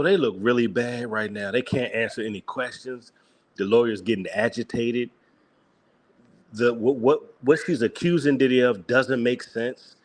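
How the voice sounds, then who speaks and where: A male host talks through a clip in reaction commentary. His delivery is emphatic and mocking, punctuated by frequent laughter, in a mid-range voice. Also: mid-range voice.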